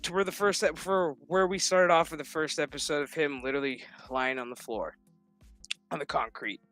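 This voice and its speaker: A man's voice: fairly high pitch, fairly quick, fairly bright tone, soft background music. A man casually recapping a TV episode, rambling and swearing while acting out what the characters say. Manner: profane, rambling retelling that acts out quotes. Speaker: show recap vlogger.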